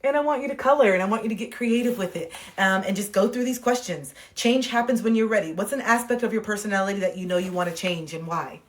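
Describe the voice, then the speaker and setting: A woman's voice: mid-range voice, fast talker, hardly any pauses. A woman in a casual, candid livestream monologue, speaking bluntly with swearing and acting out the voices of people she quotes, recorded on a phone mic.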